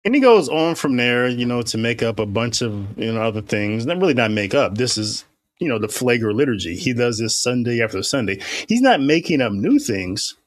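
A man's voice: mid-range voice, big pitch swings. A man reading the words of the Mass aloud and commenting on them in a critical, casual way. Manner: reads liturgy slowly and deliberately, then comments casually.

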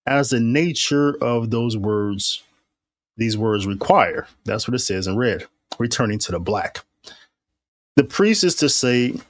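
With no room sound in the recording, a man in a mid-range voice recites the liturgy of the Mass in a slow, deliberate manner. Afterward he offers offhand, critical comments on what he has read.

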